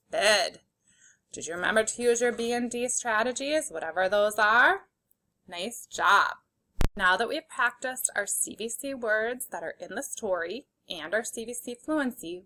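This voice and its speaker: A woman's voice: medium pitch, pushed and bright. A woman teaching a phonics reading lesson to young children, sounding out letters one by one and cheering them on. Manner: slow, clear, encouraging; sounds out letters one by one.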